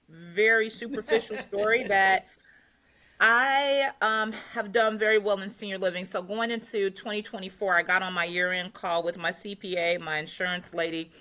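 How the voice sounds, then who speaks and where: An older woman as a podcast guest, telling her story in a lively way, acting out quotes and laughing often. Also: medium pitch. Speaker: podcast guest, retreat host. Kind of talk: casual interview storytelling.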